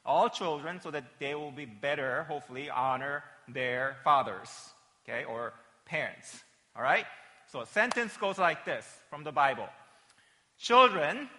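A man's voice: fairly high pitch, sharp tone. A pastor in his forties giving a chatty children's sermon during a worship service, often checking in with "right?" and "okay?". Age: 40s. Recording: long reverb of a church hall.

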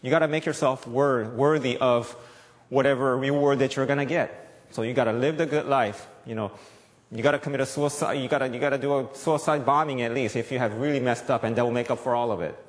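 A man's voice: mid-range voice, steady tone, a little fast. A male pastor preaching a sermon, emphatic, repeating key points and asking the audience questions. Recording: long echoey reverb.

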